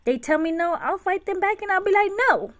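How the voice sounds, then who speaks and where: A woman's voice: very high voice, fairly quick. A woman hosting a podcast, chatting casually and telling stories about raising her kids. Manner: chatty, anecdotal storytelling. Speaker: podcast host and mother. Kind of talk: casual chat.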